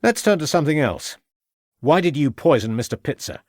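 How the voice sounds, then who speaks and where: A man's voice: fairly high pitch, animated, brisk, darkish tone, no room sound, studio quality, pitched above the performer's own voice, close to an everyday voice. A man voicing a stern police inspector who questions firmly and with threats.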